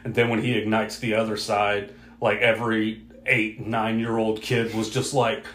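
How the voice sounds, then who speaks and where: A man in his thirties chatting casually about a film, acting out scenes in high excited voices. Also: normal speed, reverberant. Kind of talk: casual movie discussion.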